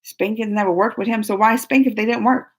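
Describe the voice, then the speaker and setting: A woman's voice: fairly high pitch, fairly even intonation, a little fast. A woman hosting a casual live stream, chatting and rambling to viewers, laughing often. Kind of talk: casual live chat reading viewer comments.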